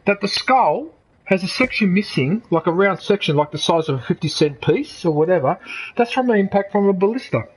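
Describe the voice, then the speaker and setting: A man's voice: high-pitched, lively intonation, a little fast, husky, poor audio. A middle-aged Australian man, a gaming streamer, rambling in casual commentary, opinionated and swearing freely. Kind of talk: casual commentary over gameplay.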